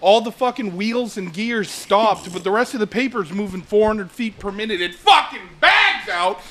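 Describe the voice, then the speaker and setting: A man vents on a casual podcast, swearing through nearly every sentence. His voice sits a little high for a man. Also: animated, normal speed, pushed and bright. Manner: profane ranting, frequent swearing. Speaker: podcast co-host.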